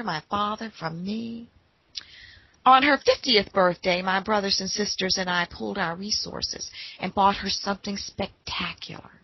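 Husky woman telling a folksy story. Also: medium pitch, dry recording, highs cut off. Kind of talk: told personal story.

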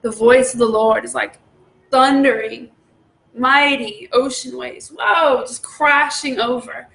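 A woman leading a devotional meditation, often exclaiming in awe and laughing softly. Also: on the high side, fairly even intonation, slow, vocal fry, roomy sound. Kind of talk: devotional teaching.

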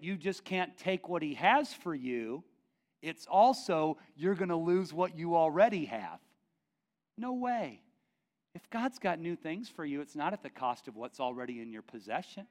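A man pastor preaching a sermon in an animated, joking way. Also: on the high side.

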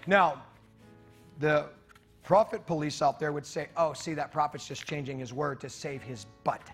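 Guy preaching a sermon, pretty high voice, lively and joking with the crowd, soft music behind. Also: moderate pace. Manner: animated preaching, jokes and asides to the congregation. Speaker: pastor.

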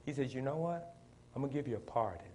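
A man preaching a sermon in plain, folksy speech, building to shouted emphasis and calling on the congregation to respond. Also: mid-range voice, expressive, quick pace, a little hiss or hum. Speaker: pastor.

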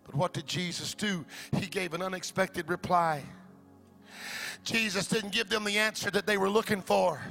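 Gravelly high-pitched shouting preacher. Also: male voice, steady tone, moderate pace, soft background music. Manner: swings from shouted, sung-out cadences to low hushed delivery. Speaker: pastor. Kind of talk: sermon.

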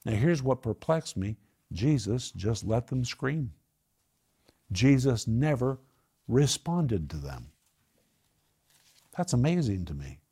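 A man preaching a sermon, animated, acting out the voices of the people in the story as he tells it. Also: medium pitch, slow, pauses often, breathy edge.

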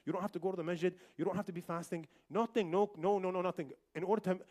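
Rapid-fire preaching man, high voice. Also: steady tone, a little mellow. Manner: rapid, emphatic, repetitive preaching with Arabic phrases. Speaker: imam giving a Friday khutbah. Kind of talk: sermon. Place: large mosque.

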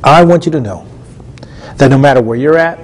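A man's voice: mid-range voice, fairly quick, slight background noise. A middle-aged man hosting a Christian TV show, preaching in a conversational, earnest way with repeated phrases and frequent restarts. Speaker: TV ministry host and preacher. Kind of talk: conversational sermon teaching.

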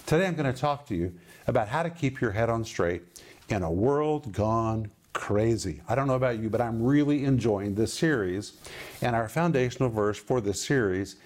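A man teaching from the Bible in an emphatic, deliberate way. His voice sits at an ordinary middle pitch. He stresses key words as he explains the meaning of Greek terms. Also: animated, a little mellow.

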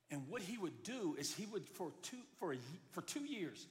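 A man's voice: high voice, big pitch swings, normal speed, hardly any pauses. Storytelling male pastor in a reverberant hall. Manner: storytelling, acts out voices, swings from loud to hushed. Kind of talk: sermon. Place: church sanctuary. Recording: long hall reverb with faint music.

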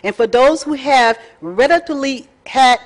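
A woman, teaching a faith lesson in a folksy, chatty way with lively asides. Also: high-pitched, normal speed. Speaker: Bible study teacher. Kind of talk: casual teaching talk.

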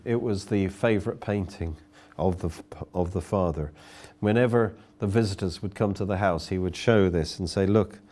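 A man's voice: fairly low pitch, darkish tone. A man preaching a sermon, telling a story earnestly and often repeating words as he goes.

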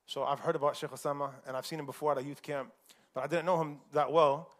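A man's voice: on the high side, fairly even intonation, fast. A man from the United States telling a personal story in a casual, chatty way at a community forum, laughing often.

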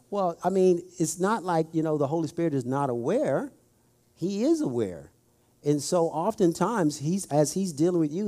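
Warm in tone and fairly high in pitch, a middle-aged man preaches in a conversational way. He shares folksy stories and speaks right to his audience, asking them questions.

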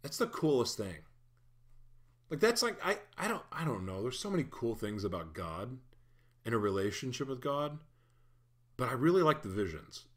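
A man preaching a sermon in a relaxed, conversational way, with playful asides and lively shifts in energy. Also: medium pitch, moderate pace, long pauses. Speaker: pastor. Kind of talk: casual sermon.

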